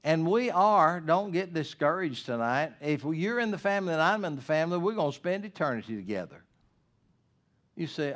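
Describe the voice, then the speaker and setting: A man preaching a sermon earnestly, moving between loud emphatic points and low, hushed asides. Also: very animated, normal speed. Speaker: pastor.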